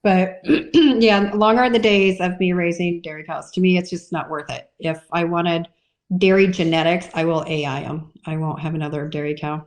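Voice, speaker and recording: A woman's voice: lowish voice, steady tone, moderate pace. A woman dairy farmer as a podcast guest, chatting casually and acting out little voices in her stories. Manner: chatty storyteller, acts out voices.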